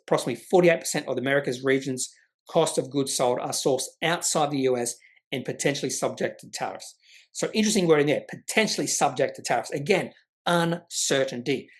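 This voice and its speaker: A man giving casual stock market commentary, reading from company updates and adding his own asides. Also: fairly high pitch. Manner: conversational, reads from reports with asides. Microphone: webcam.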